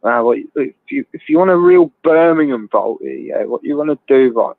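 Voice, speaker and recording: A man with a creaky, medium-pitched voice that swoops wildly talks a little fast, with no echo and a tinny, phone-like quality. Hosting a casual call-in livestream, he jokes and spins rambling bawdy anecdotes with laughs.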